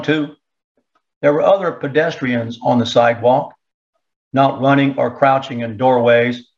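A man narrating a story in a steady, measured storytelling voice. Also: mid-range voice. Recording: dull lo-fi recording.

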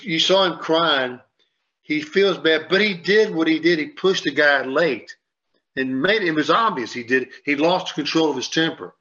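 A man's voice: fairly high pitch, pushed and bright. A man on a sports radio show, rambling and repeating himself as he tells a story and acts out what people said. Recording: dull lo-fi sound.

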